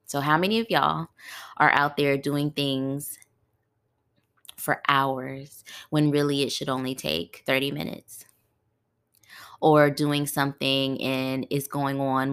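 A woman's voice: rumbling low, little pitch movement, normal speed, fairly bright tone, smooth. A woman hosting a podcast in a casual, conversational way, often putting rhetorical questions to her listeners. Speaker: podcast host. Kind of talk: casual solo podcast talk.

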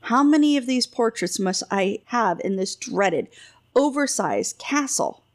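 A woman's voice: fairly high pitch, expressive, a little slow. A woman voicing a blunt, impatient old king who grumbles and gives orders, in a storybook reading. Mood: grumbling. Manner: grumbling, then commanding orders.

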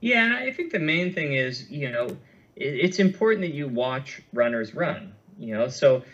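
A man's voice: on the high side, sing-song, moderate pace, fairly bright tone. A man as an interview guest, explaining running injuries in a thoughtful, conversational way with many fillers and restarts, heard over a remote call. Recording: muffled lo-fi audio.

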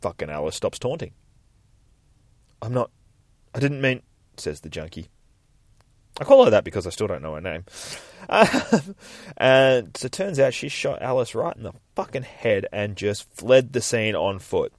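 Man, podcast host, profane, rambling, lowish voice, dry sound. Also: big pitch swings, moderate pace, no echo. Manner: profane, rambling, acts out characters in shifting voices. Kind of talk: casual comic book recap.

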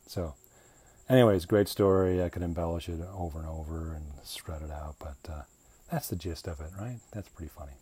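Deep husky middle-aged man telling stories. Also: a little fast, warm tone, no echo. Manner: rambling, jokey, self-interrupting. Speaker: podcast host. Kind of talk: casual storytelling.

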